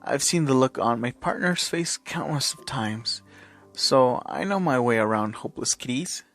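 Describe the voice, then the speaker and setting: A man reading fan fiction aloud, voicing an ancient heroine woman who is a calm, patient, gently teasing mentor. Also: medium pitch, moderate pace, soft background music.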